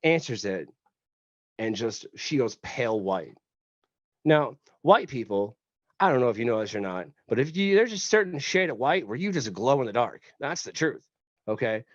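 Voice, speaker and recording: A man's voice: mid-range voice, sing-song, normal speed, no room sound. Rambling joking man from West Tennessee. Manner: rambling, joking, swears casually. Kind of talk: casual storytelling. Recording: dull lo-fi podcast audio.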